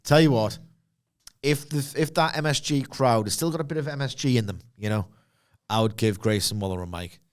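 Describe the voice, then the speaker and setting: A man's voice: mid-range voice, a little fast. A man co-hosting a casual wrestling podcast, sardonic and emphatic. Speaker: podcast co-host.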